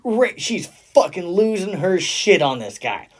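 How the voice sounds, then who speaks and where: Animated, swearing man telling a story. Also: sits high, a little slow. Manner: animated, profane, laughs often while telling a story. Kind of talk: casual chat, storytelling.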